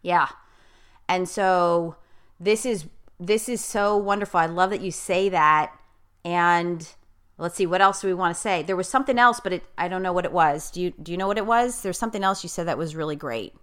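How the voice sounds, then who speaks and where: Middle-aged woman podcast host, emphatic life coach, bright smooth voice. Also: fairly low pitch, moderate pace. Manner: emphatic, blunt, effusive. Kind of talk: casual podcast interview.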